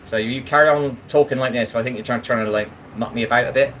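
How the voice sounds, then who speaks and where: The audio is poor, with a little hiss or hum, as a man talks fast in a medium-pitched, slightly bright voice with fairly even intonation. He's a live streamer casually and bluntly chatting with his live chat while washing up, regularly asking if you know what he means.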